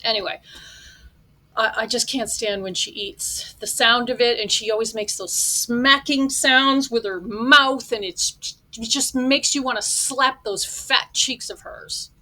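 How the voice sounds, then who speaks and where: A middle-aged woman delivers reaction commentary in a bright, cutting voice set a little high. Her tone stays blunt and sarcastic as she mocks what she watches. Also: measured pace. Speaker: reaction vlogger.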